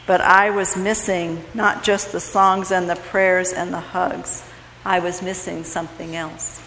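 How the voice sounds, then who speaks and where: A middle-aged woman shares a personal testimony from the front of a church, slow and heartfelt as she tells her story. Her voice carries a long echo through the hall, as if heard from a little distance, with soft room ambience behind it. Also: on the low side, slight background noise. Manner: storytelling, slow and heartfelt, lively in funny parts. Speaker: church speaker giving a testimony. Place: church sanctuary.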